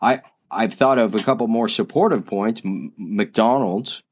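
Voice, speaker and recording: A man co-hosting a casual business chat, upbeat and quick to laugh. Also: on the low side. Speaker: podcast co-host.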